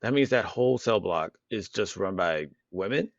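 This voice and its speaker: A man co-hosting an unscripted podcast, talking in a halting, casual way, restarting often and cursing. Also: lowish voice, creaky, dry recording, muffled recording. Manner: halting, restarts often, stutters when surprised; cursing, relaxed. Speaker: podcast co-host.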